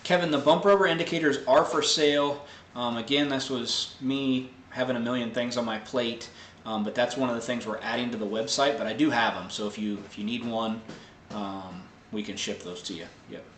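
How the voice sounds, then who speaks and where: Male host, mid-pitched, casual explainer, reads viewer questions, roomy sound. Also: fairly quick, slight background noise. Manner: relaxed, filler-heavy, explanatory. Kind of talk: casual live Q&A.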